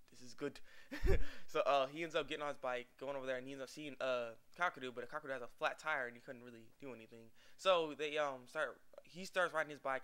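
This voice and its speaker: A man's voice: medium pitch, a bit bright, smooth. A young man casually recapping an anime episode, rambling and acting out the characters' lines with laughs. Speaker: anime reviewer.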